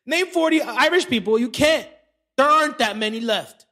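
A man's voice: very high-pitched, expressive, moderate pace, sharp tone, heavily acted. A man doing a drawling goofy comedian impression. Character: impression of a rambling deadpan male comedian.

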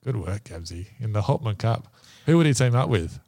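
A man's voice: fairly low pitch, lively intonation, fairly quick, vocal fry, warm tone, no room sound, clean studio sound. A man hosting a casual podcast quiz, bantering and laughing with his guests. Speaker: quiz host.

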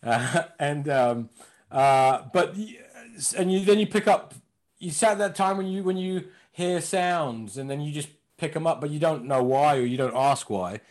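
A man's voice: fairly high pitch, a little slow. A man in his fifties from London, a comedian and impressionist, chatting in a rambling, self-mocking way. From London, England. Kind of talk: casual podcast chat.

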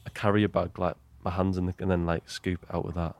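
A man co-hosting a casual comedy podcast, telling mishaps in a halting, deadpan way. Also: sits low, gravelly, dry recording. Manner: halting, deadpan storytelling with fillers. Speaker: podcast co-host.

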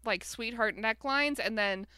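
A woman's voice: on the high side, a little slow, sharp tone, clean tone, no room sound. A woman co-hosting a podcast, chatting casually with fillers and easy laughter. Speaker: podcast co-host. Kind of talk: casual chat reviewing a TV episode.

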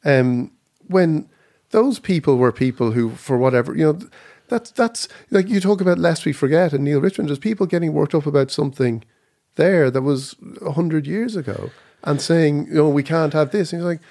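A man's voice: on the high side, normal speed, few pauses, mellow. Man, podcast co-host, casual debate, hesitant, thinking aloud. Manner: hesitant, full of fillers and restarts while thinking aloud.

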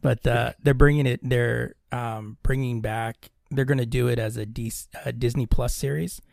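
Chill podcast cohost guy, gravelly voice, chuckles a lot, dry close sound. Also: medium pitch, steady tone, moderate pace, darkish tone, no room sound. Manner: laid-back, chuckling, swears casually. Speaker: podcast co-host. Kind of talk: casual podcast chat.

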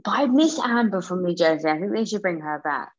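Woman, podcast co-host, lowish voice, very lively intonation, blunt casual talk, muffled lo-fi recording. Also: a little fast. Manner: animated, blunt, uses "like" a lot. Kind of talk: casual chat.

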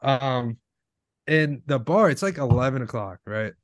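Casual male co-host, rambling delivery, middle pitch, dry dead room. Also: lively intonation, unhurried, no echo. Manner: rambling, heavy use of filler words. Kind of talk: casual chat.

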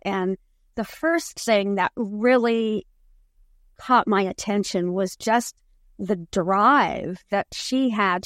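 Slow, earnest woman author. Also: medium pitch, no echo, studio quality. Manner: earnest, measured storytelling. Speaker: author guest. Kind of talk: podcast interview.

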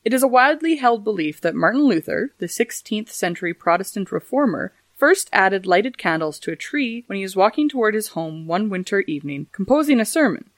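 A woman's voice: medium pitch, very animated, a little fast, hardly any pauses, no echo. A woman hosting a casual history podcast, reading facts and adding dry, joking asides. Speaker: podcast host.

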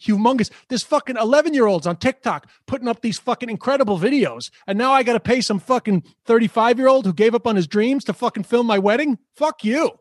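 A podcast host with an extremely high-pitched voice talks quickly with few pauses, recorded in a clean studio with no echo. He chats casually but rants with animated energy and swears constantly.

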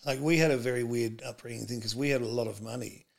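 A man's voice: mid-range voice, steady tone, fast talker, gravelly. A middle-aged man, a comedian telling stories as a podcast guest in a rambling way, full of fillers and restarts. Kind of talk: casual interview chat.

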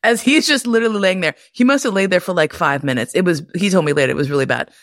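A woman hosting a podcast, telling candid personal stories in a profane, animated way and laughing often. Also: fairly low pitch, fast talker, dry recording. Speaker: podcast host. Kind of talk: candid personal storytelling monologue.

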